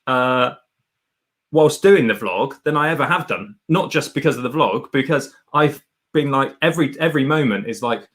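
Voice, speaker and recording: A livestream host speaks at a moderate pace in a mid-range voice while reviewing a guest's channel. He offers advice in a relaxed, rambling, animated way, with plenty of laughter.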